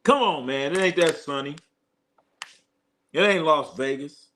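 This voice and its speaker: Animated Bay Area man streaming sports talk. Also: fairly high pitch, unhurried, slight background noise. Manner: animated, joking, reads chat comments aloud. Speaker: sports show host.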